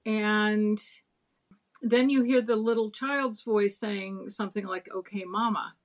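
A woman's voice: medium pitch, steady tone, takes it slowly. A middle-aged woman, a docent and interview guest, telling stories in a chatty, meandering way with many fillers. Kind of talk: casual interview storytelling.

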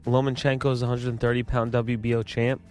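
A man's voice: mid-range voice, flat delivery, a little fast, a little mellow, faint music behind. A man co-hosting a boxing podcast in casual chat, listing facts and laughing along.

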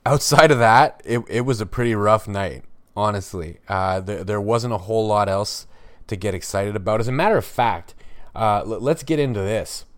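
A man's voice: on the low side, moderate pace, no echo, studio quality. A man hosting a solo sports podcast, talking in an emphatic, ranting way with frequent restarts. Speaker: podcast host.

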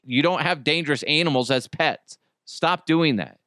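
A man's voice: a little high, moderate pace, sharp tone, dry recording, studio quality. A middle-aged man hosting a casual solo podcast, ranting in an exasperated, profane way and telling stories with lots of animation. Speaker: podcast host.

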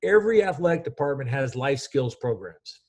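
A man in his fifties, a college basketball coach, telling stories in an energetic, rambling way with many restarts. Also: mid-range voice, moderate pace. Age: 50s. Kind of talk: casual storytelling interview.

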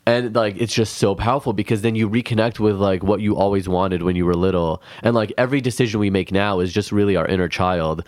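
A man's voice: fairly low pitch, fairly even intonation, fast talker, hardly any pauses, a little mellow, no echo. A man from Los Angeles, a podcast guest, talking casually and earnestly with lots of fillers.

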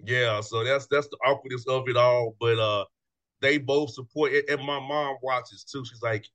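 A man hosting a casual talk show, relaxed and chummy, laughing between his lines. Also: mid-range voice, normal speed. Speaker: show host. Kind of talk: casual interview chat.

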